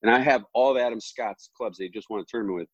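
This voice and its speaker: Golf coach, middle-aged, very low and husky, a dry close sound, a bit dull and lo-fi, animated storyteller. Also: male voice, very fast, no room sound. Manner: animated, acts out quoted voices. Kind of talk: casual storytelling chat.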